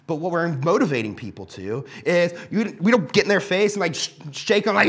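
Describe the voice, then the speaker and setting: A young man preaching a sermon, telling stories in a casual, animated way with plenty of fillers. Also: sits high, fairly quick, hardly any pauses. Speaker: pastor.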